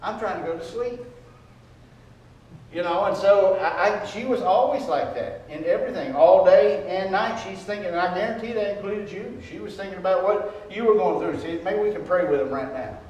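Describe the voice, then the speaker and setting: A man's voice: high-pitched, normal speed, darkish tone, highs cut off. An older man preaching a personal, conversational sermon as the pastor of a church. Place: church sanctuary. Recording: echoey church, distant mic.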